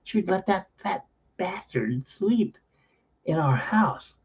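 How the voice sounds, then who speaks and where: A man's voice: sits high, animated, takes it slowly, breathy edge, highs cut off. A man in his forties, host of his own channel, telling a blunt, wry story in a casual rambling monologue. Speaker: channel host playing keyboard.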